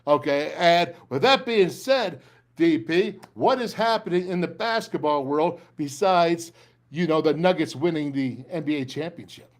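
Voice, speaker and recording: A man's voice: on the high side, animated, unhurried. An older man hosting a sports talk show, fiery and rambling as he gives a pep talk.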